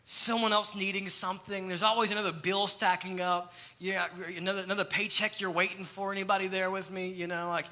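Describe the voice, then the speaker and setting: A young adult male pastor, preaching a sermon with animated storytelling and acted-out quotes. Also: sits high, fairly quick, few pauses.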